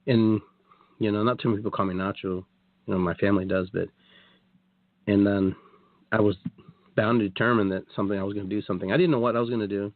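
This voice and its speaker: Low-ish voiced guy rambling thru his story, tinny phone sound, dry. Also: fairly even intonation, fast, pauses often, no echo. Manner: rambling, many restarts and quoted asides. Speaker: guest. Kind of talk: casual storytelling on a radio talk show.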